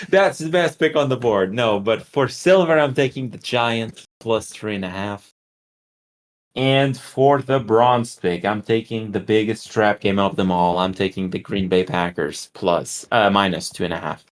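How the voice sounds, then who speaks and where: A man's voice: on the low side, unhurried. A man co-hosting a casual sports betting podcast, teasing his co-host and joking about his picks.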